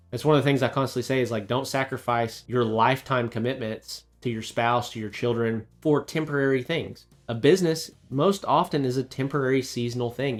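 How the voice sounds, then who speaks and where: A man in his thirties, a woodworking business coach, talking to camera in an emphatic, motivational way with rhetorical questions. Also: medium pitch. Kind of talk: direct-to-camera coaching talk.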